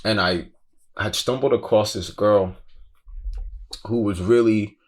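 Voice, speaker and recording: Slangy, low-voiced man telling a story. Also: slow pace, a little mellow. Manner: profane, slangy, keeps saying "bro"; intense, breathless retelling. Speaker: guest recounting a festival crowd crush. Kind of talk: casual storytelling.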